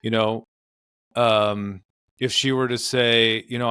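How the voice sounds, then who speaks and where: A man's voice: medium pitch, fairly even intonation, slow, pauses often, bright, forceful tone, clean tone, no room sound, clean studio sound. A man, a marriage and family therapist, explaining in earnest conversational interview advice with frequent fillers. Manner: earnest, explanatory, many "you know" fillers.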